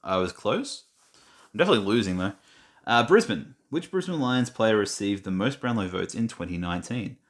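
In this casual screen-recorded commentary, a young Australian man who makes gaming vlogs reads out quiz questions, chatting, muttering and mocking himself. His voice is on the low side, animated and fairly quick.

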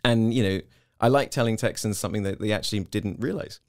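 Fast-talking English man, lower voice. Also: no room sound, studio quality. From Hong Kong. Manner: animated storyteller, slips into quoted voices. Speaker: interview guest. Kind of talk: casual interview chat.

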